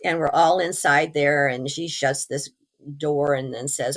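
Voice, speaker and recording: A middle-aged woman, her voice hoarse as she recovers from pneumonia, shares a personal story as an interview guest. She speaks earnestly and with animation, in a low voice at a slightly slow pace.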